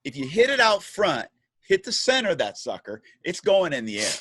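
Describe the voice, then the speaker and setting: Male podcast host, relaxed and prompting, animated pitch, dry room. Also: moderate pace, husky, no echo. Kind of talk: casual podcast interview.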